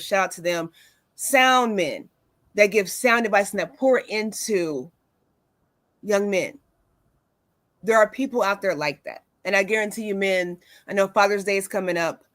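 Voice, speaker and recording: Woman host in her forties, chatty storyteller, mid pitch, dry close sound. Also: dry recording. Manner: warm storytelling with many fillers. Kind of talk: casual talk show chat.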